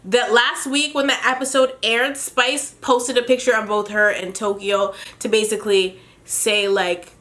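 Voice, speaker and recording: A woman's voice: a little high, fairly even intonation, unhurried, hardly any pauses, fairly bright tone. A young woman from Jamaica casually recapping a reality show, chatty and opinionated, laughing as she retells scenes.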